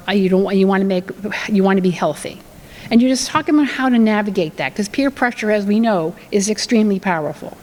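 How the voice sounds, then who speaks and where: A woman presents on family communication conversationally, acting out what parents and children say as examples. Her mid-range voice comes through a low-quality recording with a long reverb tail.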